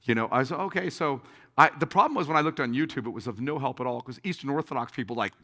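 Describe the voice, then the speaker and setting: A bright-voiced man speaking as a pastor in a conference question-and-answer session. He tells stories with energy, acting out what people said and laughing as he goes. His voice rings with the long reverb of a big hall. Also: medium pitch, fast talker. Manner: animated storyteller, acts out quotes, laughs often. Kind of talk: conference Q&A talk.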